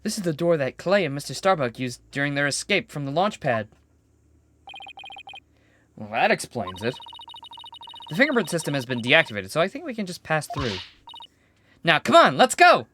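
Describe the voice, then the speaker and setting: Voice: medium pitch, very animated, normal speed, pauses often, pushed and bright, a little hiss or hum. A bubbly young woman attorney from a video game, cheerful and bossy, her voice leaping up and down with energy, as a streamer puts her on. She sounds keen to take charge. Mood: eager. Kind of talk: reading game dialogue aloud.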